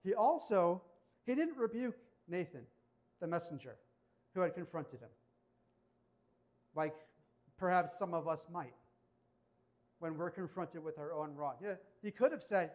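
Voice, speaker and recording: A man's voice: a little high, lively intonation, measured pace, long pauses, a little mellow. A male pastor preaching a sermon, retelling a Bible story and acting out the characters' lines. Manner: storytelling, acts out quoted characters.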